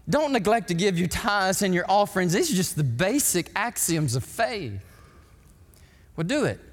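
A male pastor, preaching an emphatic, animated sermon in a church sanctuary. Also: high-pitched. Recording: long hall reverb.

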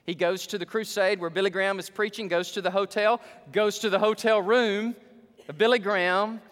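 A male pastor preaching a sermon, his voice surging up for emphasis and dropping low. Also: fairly even intonation, moderate pace, a bit bright. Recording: long hall reverb.

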